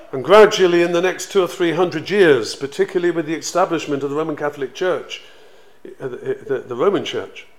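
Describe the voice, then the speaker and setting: Man, preacher, animated sermon teaching, fairly high voice. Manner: conversational, animated storytelling with acted quotes.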